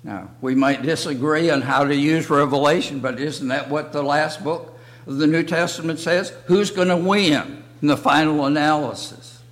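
An older man teaching a church Bible lesson in slow, halting short phrases. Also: fairly high pitch. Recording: long reverb of a hall.

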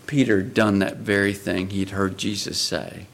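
A man's voice: sits low, fairly even intonation, moderate pace, gravelly, a little hiss or hum. A man preaching a sermon in an earnest way, often asking his listeners rhetorical questions.

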